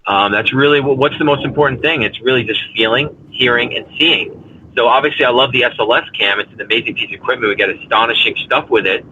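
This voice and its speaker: A man's voice: mid-range voice, fast, sharp tone, highs cut off, slight background noise. A man being interviewed as a paranormal investigator, talking earnestly in long rambling runs full of fillers and restarts. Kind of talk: casual interview talk.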